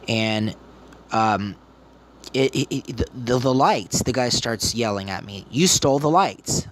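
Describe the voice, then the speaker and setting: A man's voice: lowish voice, fairly bright tone, slight background noise. A man of thirty, rambling through a story to his viewers in a casual vlog, repeating himself as he goes. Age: 30s. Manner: rambling, repetitive retelling. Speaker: vlogger.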